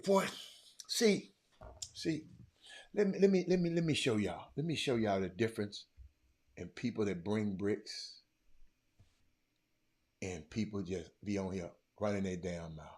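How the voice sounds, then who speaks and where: A man hosting a livestream, stammering and repeating himself, muttering low one moment and shouting the next. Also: animated, a little slow, pauses often, slightly rough. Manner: repetitive, stammering, talks straight to viewers; swings from quiet muttering to loud shouting. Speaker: livestream host. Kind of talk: casual livestream chat.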